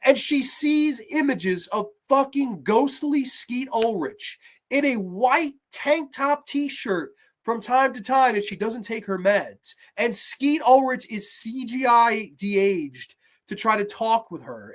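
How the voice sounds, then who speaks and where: Slow and expressive, a thirty-something woman rants through her horror review show, full of sarcasm and swearing, one moment muttering low and the next abruptly shouting.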